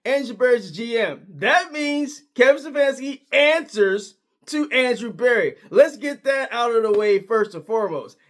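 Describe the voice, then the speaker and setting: A man's voice: very high-pitched, expressive, moderate pace, fairly bright tone. A man giving a casual, emphatic sports opinion monologue, full of slang and repeated points. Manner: emphatic, repetitive, slangy, argumentative. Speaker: sports commentator.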